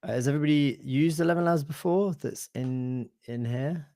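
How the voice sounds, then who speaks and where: A man presenting a live online software demo, thinking aloud in a relaxed, hesitant way with fillers and self-corrections. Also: a little high, moderate pace, no room sound. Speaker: webinar presenter.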